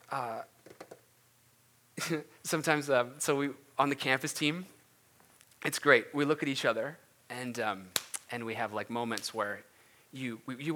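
A man preaching a conversational sermon, animated and informal, with frequent restarts and asides. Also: medium pitch. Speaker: pastor.

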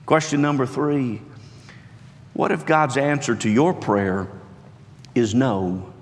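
A man's voice: expressive, unhurried, pauses often. Man preaching in an echoey hall. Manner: emphatic preaching, rising and falling pitch, acts out quotes. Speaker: pastor. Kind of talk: sermon.

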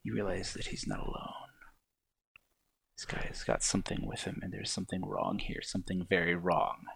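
A man acting as game master, describing scenes slowly and hesitantly with many fillers. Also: sits low, level tone, vocal fry, a bit bright, husky, no echo. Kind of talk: narrating a tabletop game.

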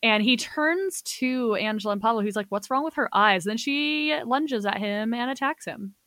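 A woman's voice: on the high side, moderate pace, no echo. A young woman co-hosting a podcast, animatedly retelling a movie's plot in casual chat. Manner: animated retelling with filler words. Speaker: podcast co-host.

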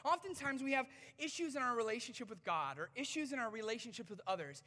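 A man in his thirties preaching to a congregation from a stage microphone, talking in a conversational, animated way with touches of humor. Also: very high-pitched, quick pace. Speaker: pastor. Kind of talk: sermon. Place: church sanctuary before a congregation. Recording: reverberant church hall.

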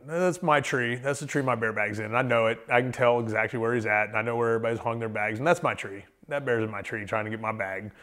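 A man with an ordinary mid-range voice tells a story casually. He rambles, with many fillers and restarts. He gets animated as the story builds. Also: mid-range voice. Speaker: interview guest, hiker.

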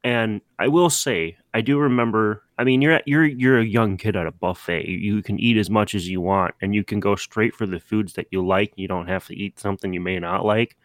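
A young man co-hosting a casual podcast, telling animated, swear-filled stories in a relaxed chat. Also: lowish voice, brisk, hardly any pauses, no room sound. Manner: animated storytelling, swears, mimics himself. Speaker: podcast co-host.

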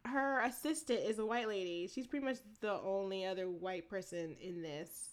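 A woman co-hosts a casual podcast chat, retelling a TV episode in animated fashion with lots of laughter and profanity. Her voice is mid-range at a moderate pace.

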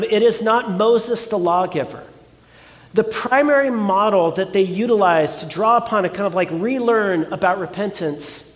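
High-voiced pastor preaching in a hall. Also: male voice. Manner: earnest, conversational preaching with rhetorical questions. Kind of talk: sermon.

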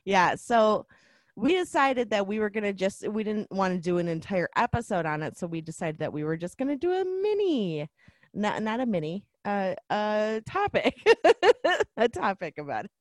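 A woman's voice: medium pitch, very animated, normal speed, no room sound. A woman co-hosting a podcast in casual chat, laughing often and restarting her sentences as she tells a story. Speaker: podcast co-host.

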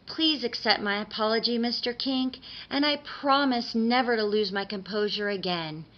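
A woman's voice: on the high side, moderate pace, lightly acted. A woman voicing a prim, earnest tooth fairy who scolds and then apologizes, on slightly dull audio. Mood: apologetic.

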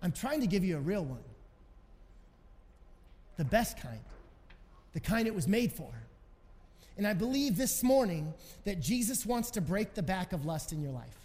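Brief: high-voiced male pastor, earnest sermon, long church reverb. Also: sing-song, moderate pace, long pauses, a little mellow. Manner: earnest, conversational, with restarts. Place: church hall.

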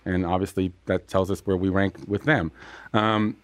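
A man, a former official, talking quickly and with exasperation on a radio panel. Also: sits low, little pitch movement.

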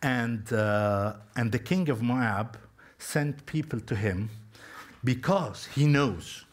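A man's voice: mid-range voice, slow. A man preaching a sermon, telling a story conversationally and talking straight to his listeners. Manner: storytelling, talks to listeners directly.

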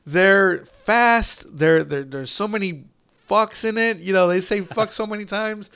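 A man with a fairly high, gravelly voice talks loosely about films, swearing freely and restarting his sentences. He chats in a relaxed, casual way. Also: a little slow. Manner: loose, profane, rambling with restarts. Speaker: podcast co-host, parent. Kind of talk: casual movie chat.

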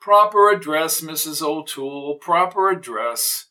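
Male narrator as a prim, irritable older gentleman, bright, precise and exasperated. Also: a little high, lively intonation, a little slow, far from the mic. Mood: lecturing. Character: fussy, irritable older man neighbor.

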